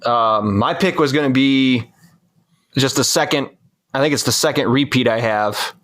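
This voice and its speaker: A man's voice: medium pitch, normal speed, a bit bright, dry recording, studio quality. A man co-hosting a casual car podcast, chiming in with wry asides. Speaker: podcast co-host.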